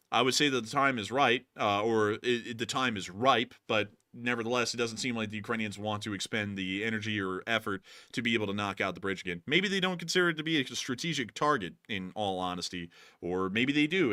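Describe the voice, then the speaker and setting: A rambling man hosts a live stream and answers viewer questions, full of ums and folksy sign-offs. His voice sits low but comes across bright and forceful. The sound is dry and close. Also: brisk, few pauses, dry recording. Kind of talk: casual live-stream commentary.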